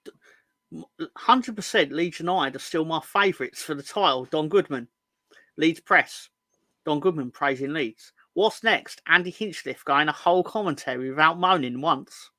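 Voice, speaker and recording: A man's voice: on the high side, normal speed, pushed and bright, dry recording. A man co-hosting a casual football fan chat, full of sarcastic, sweary banter. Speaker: podcast co-host.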